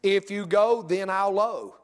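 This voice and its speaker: A man's voice: high-pitched, takes it slowly, big-room sound. A man preaching a sermon, telling a folksy story with stammering restarts and rising to fervent preaching. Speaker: pastor.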